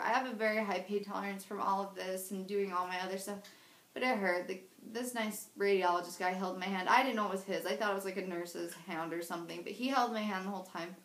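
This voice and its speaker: A woman's voice: medium pitch, fairly bright tone. Candid young woman in an echoey room. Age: 20s. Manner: candid, emotional, rambling with many restarts. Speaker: patient sharing her surgery story. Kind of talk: personal video diary.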